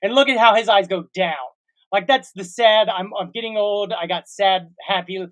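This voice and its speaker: His voice sits high and a bit bright, at normal speed. He's a co-host in his forties on a casual comedy podcast, spinning a long, wandering story with invented sound words.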